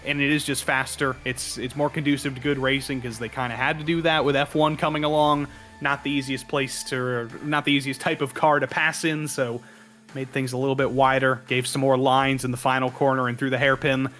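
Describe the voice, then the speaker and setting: Bright-voiced joking racing analyst man. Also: mid-range voice, level tone, fairly quick, soft background music. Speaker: racing co-commentator. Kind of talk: color commentary.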